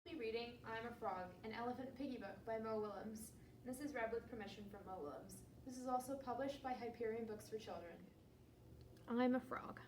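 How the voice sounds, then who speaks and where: Children's librarian, woman, clear and friendly storytime reader with a high voice. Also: fast, reverberant, far from the mic, background noise. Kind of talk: storybook read-aloud.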